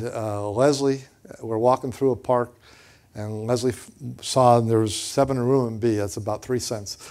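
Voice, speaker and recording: A man preaching and telling a personal story in a lively way, often repeating words and acting out what others said. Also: medium pitch. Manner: animated, repeats words, acts out quotes. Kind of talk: storytelling sermon.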